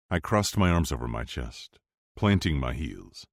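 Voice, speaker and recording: A man narrating a first-person romance audiobook in a low, steady, intense delivery. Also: a little slow, vocal fry, no echo, clean studio sound.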